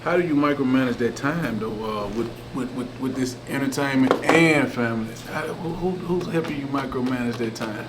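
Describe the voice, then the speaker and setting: A man's voice: medium pitch, a little fast, hardly any pauses. A man interviewing casually, with encouraging short affirmations. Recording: loud crowd noise behind.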